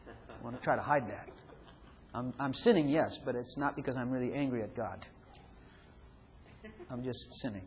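A man's voice: mid-range voice, moderate pace, pauses often. A man preaching a sermon who acts out inner voices and chuckles often. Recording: long hall reverb, faint room noise.

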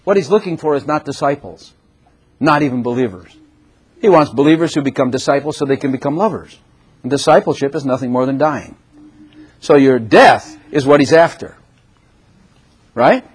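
Husky older preacher, animated exhortation. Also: male voice, medium pitch, moderate pace, long pauses. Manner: animated, exhorting, often acting out quoted prayers. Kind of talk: sermon.

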